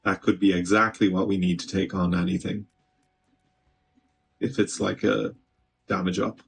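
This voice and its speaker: A man's voice: low-pitched, flat delivery, moderate pace, gravelly, breathy edge. A man streaming gameplay, chatting casually and talking back to the game, with an occasional swear. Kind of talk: live gameplay commentary.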